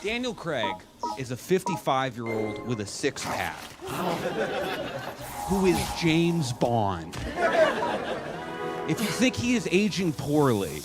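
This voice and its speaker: A man from Massachusetts, doing a stand-up set with sardonic, rapid storytelling. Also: mid-range voice, sing-song, over loud music, over a noisy crowd. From Massachusetts, USA. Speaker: stand-up comedian. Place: comedy club stage with audience. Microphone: handheld stage mic.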